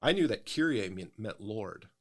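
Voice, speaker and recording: A middle-aged man, a pastor, speaks in a very low voice during a relaxed podcast chat. He explains things carefully and at length, often circling back and restarting his sentences as he thinks. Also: normal speed. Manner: explanatory, thoughtful, with frequent restarts. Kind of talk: casual podcast conversation.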